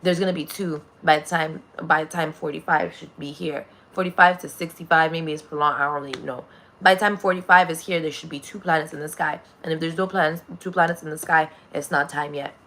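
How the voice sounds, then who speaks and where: A woman's voice: low voice, steady tone, brisk, pushed and bright, a little hiss or hum. A woman delivering a rambling, profane spiritual monologue, laughing often.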